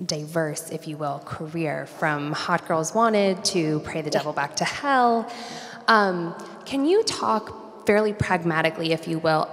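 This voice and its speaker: Young female student moderator, low and measured, long hall echo. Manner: polite, formal questioning. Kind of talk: audience Q&A question. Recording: reverberant hall mic.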